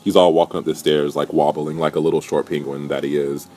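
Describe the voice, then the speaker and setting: A young man recapping a reality show in a casual, profane, animated rant. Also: rumbling low, brisk. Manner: profane, animated, indignant storytelling.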